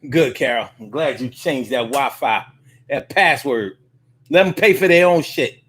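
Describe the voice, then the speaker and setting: A man's voice: mid-range voice, a little slow, fairly bright tone, husky. A man hosting a casual livestream and reading viewer comments aloud. He talks in a loose, profane way, often repeating himself and using fillers.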